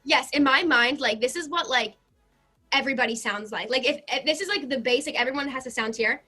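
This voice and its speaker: Bubbly, fast-talking young American woman. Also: high voice, bright, forceful tone, husky, faint music behind. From United States. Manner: bubbly, lots of "like". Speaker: guest. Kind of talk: casual chat.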